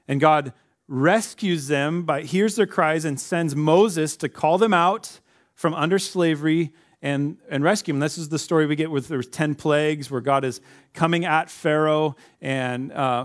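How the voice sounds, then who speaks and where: A male pastor preaching in a relaxed, conversational tone. His voice sits a little high for a man. He acts out the voices of the people in the story as he tells it. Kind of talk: sermon.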